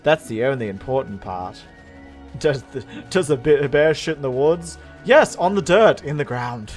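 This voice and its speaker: A man's voice: mid-range voice, animated, normal speed, faint music behind. Giggly rambling man playing a game. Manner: rambling, giggly, self-mocking. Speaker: gaming channel host. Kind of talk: casual let's-play commentary.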